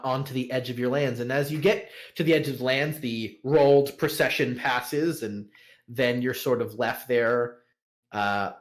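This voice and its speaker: A man narrating a tabletop role-play as game master, in a loose, casual way. His pitch sits in an ordinary middle range. He pads his narration with frequent fillers and breaks into laughs.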